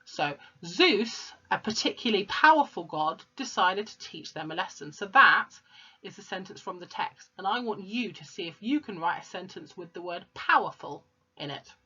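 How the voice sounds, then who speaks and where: A woman teaching at home, explaining slowly and patiently to young children. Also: medium pitch, lively intonation, sharp tone, breathy edge, dull audio. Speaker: primary school teacher. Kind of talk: recorded home-learning lesson.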